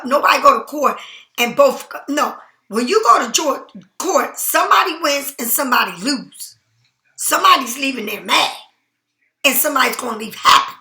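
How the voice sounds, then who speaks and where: In a reverberant space, a woman with a high voice and sharp tone gives a casual tarot reading. She chats emphatically and keeps asking "right?" and "all right?"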